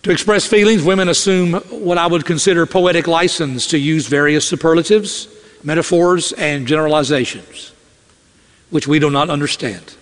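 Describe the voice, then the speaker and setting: A man preaches a sermon from a church pulpit with an animated delivery. He slips into the voices of the people he quotes. His voice sits high, and it rings out with a long hall reverb. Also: normal speed. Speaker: pastor. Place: church sanctuary. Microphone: podium or stage mic.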